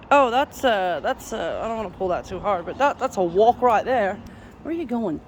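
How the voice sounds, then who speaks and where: A woman's voice: medium pitch, expressive, moderate pace. A woman outdoors on a street, coaxing her pet along with affectionate, laughing casual talk. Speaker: vlogger walking her cat on a leash. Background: faint street and traffic noise.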